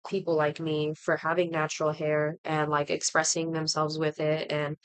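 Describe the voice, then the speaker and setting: A woman's voice: low-pitched, completely flat delivery, normal speed, clear, resonant tone, close to an everyday voice. A woman voicing a candid woman in her thirties she met, speaking earnestly. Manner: earnest, preachy.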